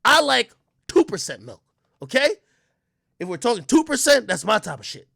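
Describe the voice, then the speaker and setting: A man's voice: very high voice, big pitch swings, normal speed, vocal fry, bright, forceful tone, dry recording, studio quality. A young man with a New York accent, ranting incredulously as he reads a menu aloud on a casual livestream. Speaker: streamer.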